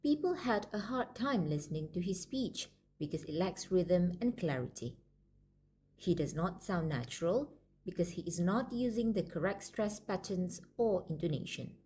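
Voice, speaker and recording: A woman lecturer giving a scripted, measured narration of a language lesson. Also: medium pitch, warm tone, slight background noise. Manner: measured, explanatory.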